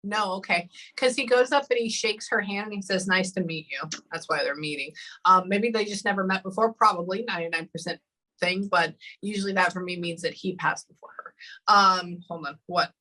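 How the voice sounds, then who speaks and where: A woman's voice: medium pitch, bright, forceful tone, poor audio. A woman working as a psychic medium during a live reading session, often stopping to say hold on and um. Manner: halting, often pausing with hold on and um.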